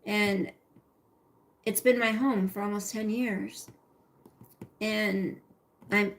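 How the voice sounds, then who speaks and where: Woman, middle-aged, livestream host, casual rambling chat, talks to viewers, gravelly voice. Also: mid-range voice. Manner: rambling, chatty, emotional, talks to viewers by name.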